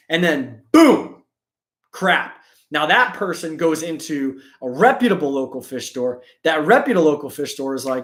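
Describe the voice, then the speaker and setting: A male host of a live chat stream speaks animatedly with lively pitch in an echoey room. He keeps acting out other people, doing quick impressions of sellers and customers.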